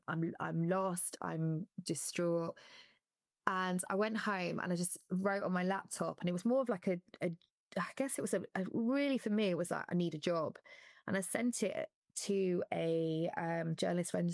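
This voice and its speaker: A woman's voice: lowish voice, creaky, no room sound. A woman, a former athlete, talking candidly in an interview, laughing at times and close to tears. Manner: candid, laughing, voice catching with emotion. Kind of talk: emotional interview talk.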